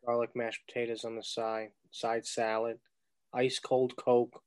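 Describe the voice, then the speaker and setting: A man of medium pitch answers in short, laid-back, mumbled lines. His voice is dry and close, with no room sound. He sounds relaxed and a bit sheepish in casual chat. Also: unhurried, smooth, no echo. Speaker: podcast regular.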